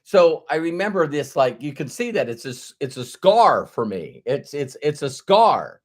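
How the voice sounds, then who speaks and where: A man, a business coach, telling a motivational story in a casual, animated way, often restarting and repeating words. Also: a little high, moderate pace.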